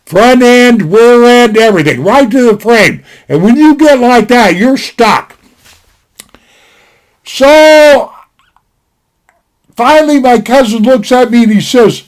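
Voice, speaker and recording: High-voiced man telling a rambling folksy story. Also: expressive, slow, long pauses. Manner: rambling, folksy, with many restarts and asides. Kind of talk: casual spoken storytelling. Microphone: desktop recording.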